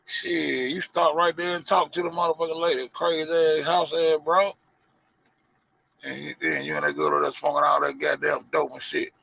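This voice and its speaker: A man with a gravelly, bright-edged voice riffs in a loose, profane monologue. The audio sounds dull and lo-fi. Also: a little high, little pitch movement, moderate pace, no room sound. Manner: profane, rambling, acts out quoted people. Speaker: show host. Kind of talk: casual commentary monologue.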